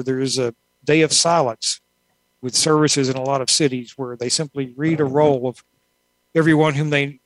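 A woman's voice: sits low, no echo, poor audio. A woman author answering interview questions in a thoughtful, rambling way, with many asides. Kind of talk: casual conversational interview.

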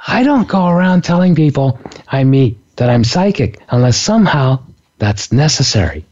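A middle-aged man, a psychic and minister, telling a story in a casual, animated way with frequent laughter. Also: mid-range voice, lo-fi sound. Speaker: podcast host, psychic and minister.

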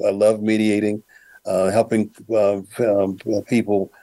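A man's voice: fairly low pitch, warm tone, dry recording. A man in his seventies, a guest on a video-call talk show, telling his story in a hesitant way with many fillers and restarts. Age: 70s. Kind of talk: casual interview talk.

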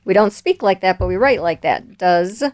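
A woman being interviewed, telling personal stories in a relaxed way and laughing easily. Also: mid-range voice, moderate pace, no room sound, studio quality. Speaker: guest, volunteer and coach. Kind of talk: conversational interview.

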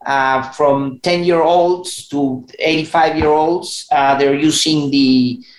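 Guy on a panel, bit high voice, slow careful talk, echoey room sound. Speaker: guest executive.

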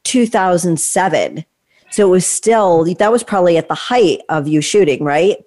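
A woman's voice: lowish voice, animated, moderate pace, a little mellow. A woman in her sixties hosting an interview, talkative and enthusiastic, asking leading questions. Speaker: interview host. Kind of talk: conversational interview.

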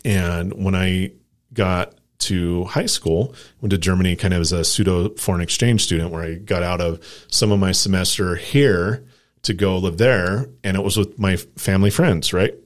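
A man's voice: sits low, normal speed. A man in his forties from Colorado, co-hosting a podcast and telling a long, rambling anecdote full of "like" and acted-out quotes. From Colorado, USA. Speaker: podcast co-host. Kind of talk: casual storytelling chat.

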